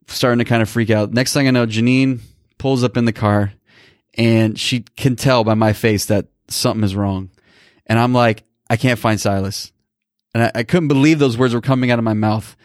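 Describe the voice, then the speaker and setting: In casual storytelling on a podcast he co-hosts, a man in his thirties recounts something personal, emotional and meandering, restarting frequently. He speaks at normal speed in a mid-range voice, with clean studio sound and no echo.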